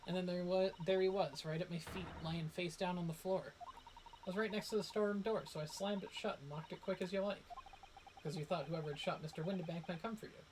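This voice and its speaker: Scrappy young Cockney pickpocket girl, rushed and breathless, read by a man, noisy mic. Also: high voice, steady tone, close to an everyday voice. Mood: shaken. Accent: attempted Cockney.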